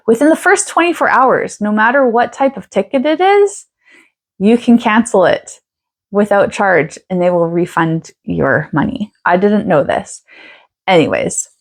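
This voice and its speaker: Woman vlogger, casual storyteller, slightly low voice, chatty with frequent laughs. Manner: chatty, laughs often, animated quoting.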